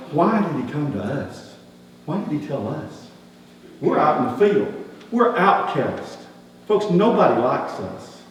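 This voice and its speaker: A skeptical, earthy shepherd tells his story in a first-person dramatic sermon, played by a male pastor. His voice is slightly high and swings widely as his questions build, and his folksy speech breaks the rules of grammar. He sounds far off in a reverberant church sanctuary with a faint hum behind him. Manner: folksy, colloquial grammar, rising animated questioning. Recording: echoey hall, distant mic, faint hum.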